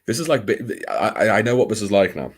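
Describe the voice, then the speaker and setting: A man from Liverpool with a low, bass-heavy voice hosts a small-hours live stream. He chats with his viewers in a wry, theatrical way, mocks himself freely and swears without fuss. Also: big pitch swings, a little fast, husky. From Liverpool, England. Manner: wry, theatrical, self-mocking, swears casually. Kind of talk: late-night live stream chat with viewers.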